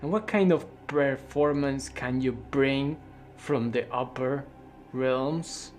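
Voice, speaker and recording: A man's voice: mid-range voice, takes it slowly, soft background music, natural voice. Man doing a sneering cruel prison guard. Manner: sneering, taunting.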